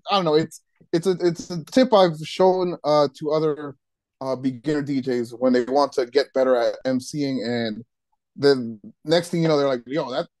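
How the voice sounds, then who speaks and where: A man's voice: fairly high pitch, a little mellow, no echo. Male wedding DJ/MC, casual podcast guest, stop-start delivery, dry studio sound. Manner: halting, with many restarts and repeated words. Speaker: wedding DJ and MC giving advice.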